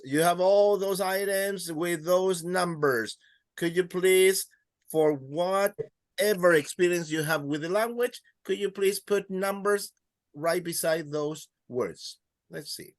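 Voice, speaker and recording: A man with a high-pitched voice teaches a beginner Spanish class, counting his students in and praising their answers. He speaks slowly, and the recording is studio quality with no room sound.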